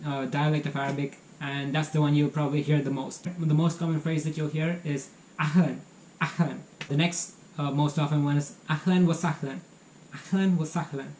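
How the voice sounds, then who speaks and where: A cheerful man hosts a beginner language lesson, sounding encouraging and slowing down to model each phrase clearly. His voice sits a little high for a man. He is recorded in an echoey room with a faint hiss underneath. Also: a little mellow. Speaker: language teacher, channel host.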